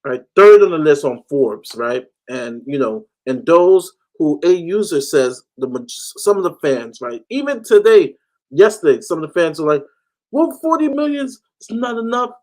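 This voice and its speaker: A man from the United States ranting animatedly as a football fan panelist. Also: a little high. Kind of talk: casual fan chat.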